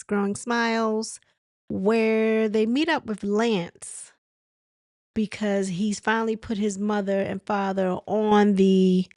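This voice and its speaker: A woman's voice: mid-range voice, darkish tone, no echo, studio quality. A woman hosting a casual reality TV recap, retelling scenes in a chatty way with lots of "he said, she said.".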